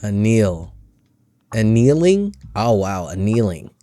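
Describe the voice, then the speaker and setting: A man's voice: lowish voice, animated, moderate pace, mellow, no room sound. A man hosting a casual, jokey stock market vlog, rambling with self-mocking asides.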